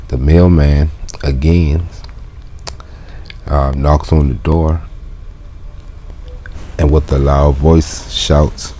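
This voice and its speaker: Deep slow-talking casual Latin teacher, man. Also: little pitch movement, warm tone. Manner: casual, laughs, slangy asides. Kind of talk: reading and translating a textbook.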